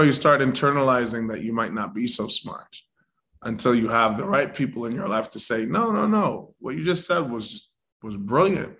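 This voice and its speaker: A man, an actor, telling a story in a casual interview, animated and acting out the voices of the people in it. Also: mid-range voice. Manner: animated, acts out quoted voices.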